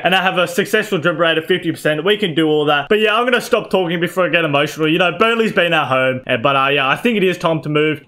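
Excitable high-voiced young man gaming. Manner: swears freely, shouts at players, says "bro" and "boys". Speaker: gaming YouTuber. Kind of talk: excited gameplay commentary.

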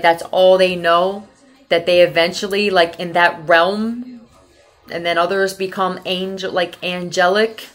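A Philadelphia woman gives a casual tarot reading, blunt and heavy on profanity, drifting from one thought to the next. Her voice is lowish and a bit bright.

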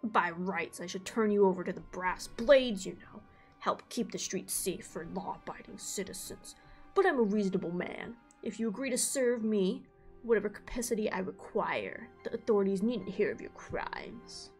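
Woman putting on a gruff Southern bully. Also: mid-range voice, expressive, moderate pace, darkish tone, faint music behind, close to an everyday voice. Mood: menacing.

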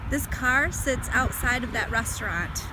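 A woman's voice: on the high side, lively intonation, measured pace, heavy background noise. A woman in her forties chatting to her viewers in a bubbly, giggly vlog style. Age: 40s. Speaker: vlogger. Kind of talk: casual vlog chat to viewers.

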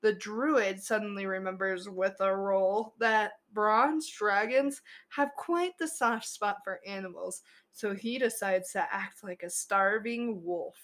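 A woman's voice: mid-range voice, slow, hardly any pauses, fairly bright tone. A woman podcast host telling a tabletop game story in a chatty way, laughing at her own tale.

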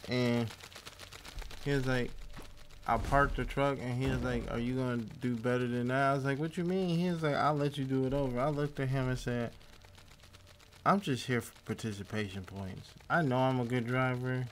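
A man's voice: medium pitch, fairly even intonation, normal speed, slight background noise. A man giving laid-back, profane commentary while playing a game, telling a story between fights. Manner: laid-back, talks to himself, swears at enemies. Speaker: gaming YouTuber. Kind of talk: casual gameplay commentary.

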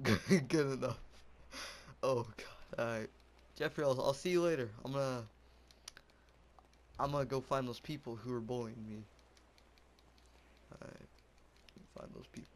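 A young man at medium pitch, keeping a steady tone and moderate pace, offers goofy, rambling gameplay commentary. He pauses often, yelping and laughing as he plays through a casual session.

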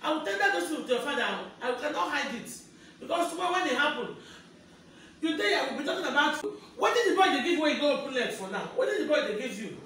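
A woman's voice: sits high, very animated, fast, a bit bright. Scolding Nigerian mother in echoey room. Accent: Nigerian Pidgin English. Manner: scolding, repeats herself insistently. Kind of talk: angry family scolding. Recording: echoey room, distant mic, faint noise.

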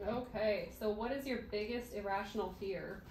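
Brisk woman reading out cards, roomy. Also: mid-range voice, noisy background. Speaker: reads the questions. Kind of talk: casual chat. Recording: roomy room.

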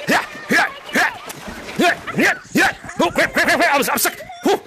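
Hyper high-voiced man streaming a VR game. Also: expressive, moderate pace, background noise. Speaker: gaming streamer. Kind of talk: excited live-stream chat while playing. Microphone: VR headset mic.

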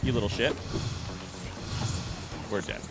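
A man hosting a gaming channel, giving excitable, swearing commentary as he plays. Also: lowish voice, slow, creaky. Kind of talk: live gameplay commentary. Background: game music.

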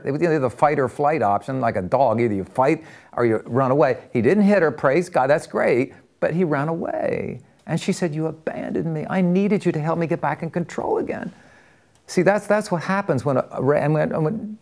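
An older American man tells stories with real conviction. His pitch rises and falls in lively swings as he acts out the people in them. His voice sits at an ordinary middle pitch. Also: creaky. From United States. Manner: earnest, animated storyteller acting out quoted voices. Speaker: interview guest. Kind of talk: storytelling interview.

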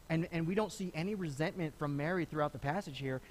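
A middle-aged man preaching a sermon as pastor, conversational and animated, often restarting phrases and acting out the people he quotes. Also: fairly high pitch, quick pace, slight background noise. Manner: lively, conversational preaching with repeated starts and acted quotes. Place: church sanctuary.

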